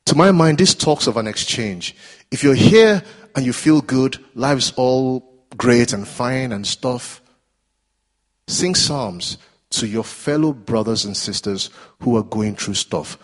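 Husky-voiced man preaching a sermon. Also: mid-range voice, animated, takes it slowly. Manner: earnest, repetitive exhortation, builds in intensity. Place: church.

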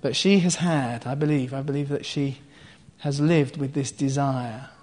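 A man in the middle of his pitch range gives a sermon in an easy, conversational way. He walks through a scripture passage line by line, stopping to explain and check in with his listeners. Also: fairly even intonation, unhurried. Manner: explains scripture line by line with asides and soft laughs. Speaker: preacher. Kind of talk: conversational Bible teaching.

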